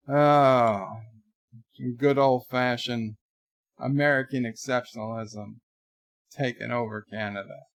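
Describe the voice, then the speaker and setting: A man's voice: medium pitch, fairly even intonation, takes it slowly, long pauses, no echo, clean studio sound. A man hosting a live stream, reading viewers' chat messages aloud in a rambling, chatty way. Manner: chatty, rambling, trails off quietly.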